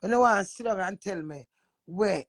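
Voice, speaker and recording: A woman's voice: mid-range voice, moderate pace. A Jamaican woman hosting a live stream, ranting brashly, swearing, and talking back to viewers. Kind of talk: casual live-stream rant.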